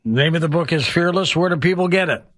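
A man's voice: a little high, fast, fairly bright tone, no echo, studio quality. A man hosting a late-night radio talk show, interviewing a guest in a friendly, conversational way.

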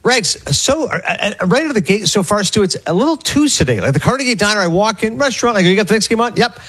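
A man tells a rambling story on a radio sports show and acts out every quote along the way. His voice sits high and a little husky, and the words tumble out fast. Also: expressive, fairly bright tone. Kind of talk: casual storytelling chat.

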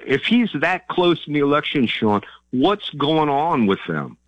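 A man's voice: fairly high pitch, sing-song, unhurried, no echo. A man with a Virginia accent calling in to a radio show, chatty and then indignant. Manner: chatty and good-humored, indignant. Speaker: caller. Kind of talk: phoning in to talk radio. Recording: dull phone-line sound.

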